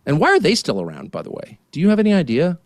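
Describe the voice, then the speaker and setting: A man in his fifties giving a heated, indignant political rant as a studio guest, swinging between muttered asides and near-shouts. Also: fairly high pitch, wildly swooping pitch, quick pace, no room sound. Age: 50s. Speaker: guest commentator.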